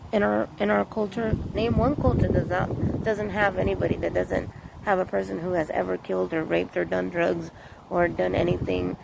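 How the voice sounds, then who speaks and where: A woman's voice: fairly low pitch, vocal fry. A woman giving a casual, earnest opinion monologue as a vlogger, rambling and repeating her points. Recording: noisy outdoor street recording.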